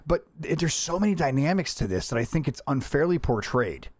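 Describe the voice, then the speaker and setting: A man's voice: a little high, brisk, dry recording. Chatty host guy, voice jumps all over, dry close sound, keeps restarting his sentences. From United States. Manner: animated, rambling with many restarts and fillers. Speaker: podcast host. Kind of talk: casual chat.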